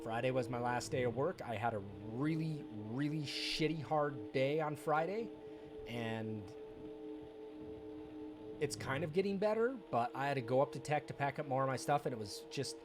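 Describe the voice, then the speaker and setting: A man talking loosely over a live game stream. His voice sits at an ordinary middle pitch, and he drifts from topic to topic, candid and a little bitter. Faint game music runs quietly behind him. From United States. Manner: rambling, candid, bitter and sarcastic asides. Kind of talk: casual live-stream chat.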